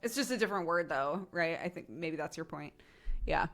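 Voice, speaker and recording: A woman's voice: deep voice, expressive, fairly quick, a bit bright, faint music behind. An American woman in her thirties chatting casually with her stream chat, with lots of laughter and fillers like "um" and "like.". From United States.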